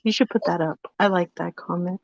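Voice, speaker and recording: A woman's voice: lowish voice, steady tone, brisk, gravelly, no echo, highs cut off. A woman co-hosting a podcast in casual chat, playful and teasing. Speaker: podcast co-host.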